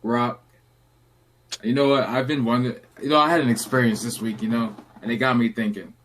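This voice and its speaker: A man's voice: medium pitch, a little fast. Laid-back male podcast host telling stories. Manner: relaxed, rambling, acts out quotes. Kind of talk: casual storytelling chat.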